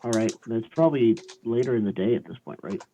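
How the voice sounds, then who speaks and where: A man's voice: medium pitch, fast talker, warm tone, slight background noise. A man playing a tabletop game, hesitant and stammering as he describes his character's actions. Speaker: player. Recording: tinny phone-like line.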